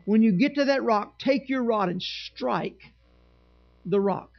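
A man's voice: high voice, takes it slowly, gravelly, dull audio. A male pastor preaching a sermon in church, reading scripture and making sarcastic asides to the congregation.

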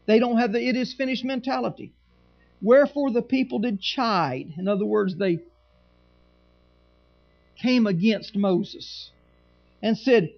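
High-voiced gravelly male pastor preaching. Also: normal speed, dull audio. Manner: preachy, sarcastic asides with scripture reading. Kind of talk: sermon. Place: church.

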